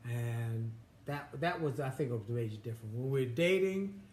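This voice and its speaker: A man in his fifties co-hosting a marriage advice chat, halting and often restarting his words. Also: medium pitch, lively intonation, a little mellow. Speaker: co-host. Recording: roomy echo, faint ambience.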